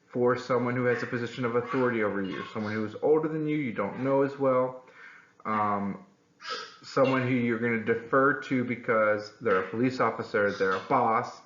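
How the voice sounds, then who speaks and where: A man teaching a Spanish lesson, patient and clear, repeating words slowly for his students. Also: mid-range voice, fairly bright tone, slight background noise. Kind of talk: classroom-style language lesson. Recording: echoey room, slightly dull sound.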